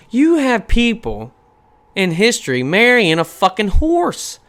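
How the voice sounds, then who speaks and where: His voice sits high and runs a little slow as he, a man in his thirties, rants on his casual podcast. He swears freely and keeps firing rhetorical questions, staying animated as the host.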